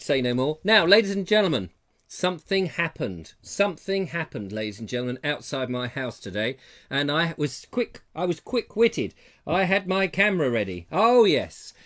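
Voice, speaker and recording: A man's voice: on the high side, sing-song, normal speed, fairly bright tone. A man hosting a live comedy talk show from his house, talking with playful, theatrical asides to his audience. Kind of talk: live-streamed comedy chat. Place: terraced house, indoors.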